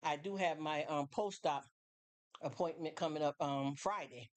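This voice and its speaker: A woman's voice: sits low, normal speed. A woman hosting a live stream, talking casually and at length to her viewers, rambling with many fillers and restarts. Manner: acts out other people's voices in quotes.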